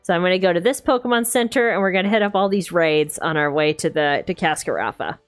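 A woman streamer with a lowish voice talks fast, giving casual, chatty commentary over gameplay while addressing her chat. She sounds animated, and soft music plays in the background.

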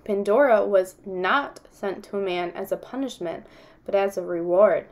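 A woman's voice: medium pitch, moderate pace, close to an everyday voice. A woman reading aloud, voicing an anxious, insistent young girl who talks earnestly and indignantly.

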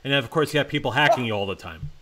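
A man's voice: medium pitch, animated, racing, heavy background noise. A man co-hosting a casual chat show, playfully reading viewer comments aloud.

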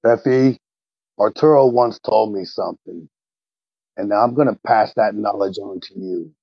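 A man plays a blunt, determined hero in a tabletop game, his voice gravelly and husky. His lines are clipped and resolute, recorded on a dull, dry, lo-fi mic. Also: lowish voice, measured pace, no echo.

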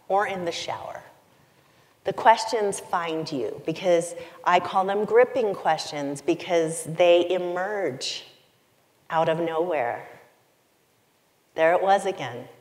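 A middle-aged woman giving a keynote talk, telling a personal story in a confessional, emotive way with deliberate pauses. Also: on the low side, darkish tone. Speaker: keynote speaker. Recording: long hall reverb.

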